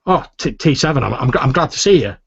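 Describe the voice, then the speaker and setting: A man's voice: medium pitch, animated, quick pace, gravelly, slightly rough, no echo, voice pushed up, full character voice. A man doing a stammering, anxious young pilot. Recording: dull, dry lo-fi audio.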